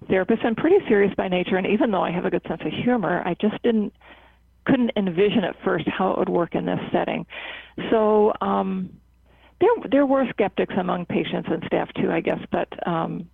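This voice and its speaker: Therapist leading a laughter club, earnest and measured, lots of ums and restarts, tinny phone sound. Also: medium pitch, creaky, slightly rough, dry recording. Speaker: psychotherapist and laughter club leader at a cancer center. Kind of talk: conversational interview answers. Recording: tinny phone-like line, dry.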